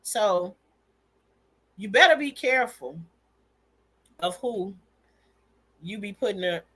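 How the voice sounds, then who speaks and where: A woman's voice: medium pitch, lively intonation, takes it slowly, fairly bright tone, slightly rough. A woman hosting a casual livestream, telling stories about family and her kids with candid emphasis and frequent laughter. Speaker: livestream host and mother.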